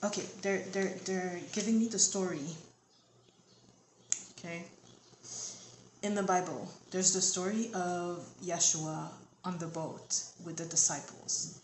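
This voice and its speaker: A woman giving a channeled tarot reading, reassuring and repeating calming phrases. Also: lowish voice, a little slow, long pauses. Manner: soothing, reassuring, repetitive. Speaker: tarot reader. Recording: echoey room, faint background noise.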